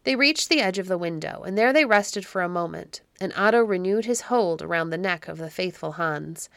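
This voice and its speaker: A woman narrating a classic children's tale in a measured, even reading. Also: on the low side, vocal fry, no echo. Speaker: narrator and podcast host. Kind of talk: storybook narration.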